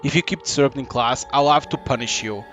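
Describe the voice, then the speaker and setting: A man's voice: mid-range voice, a little fast, a bit bright, faint music behind, close to an everyday voice. A man voicing a cruel witch teacher in a video game, cold and disdainful. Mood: mocking.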